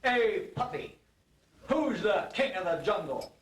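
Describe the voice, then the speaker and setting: A man's voice: sits high, sing-song, slow, voice pushed up, exaggerated voice. A man voicing a boastful male lion who bosses the other animals around, in a spoken fable told during a speech. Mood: swaggering. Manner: bossy, cocky taunting. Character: boastful swaggering male lion, king of jungle. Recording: roomy hall recording from a distance.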